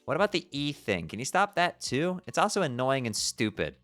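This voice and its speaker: A man's voice: medium pitch, big pitch swings, brisk, fairly bright tone, soft background music. A man voicing a frazzled, irritable teenage girl while reading a webcomic aloud. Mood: annoyed. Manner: exasperated, whiny.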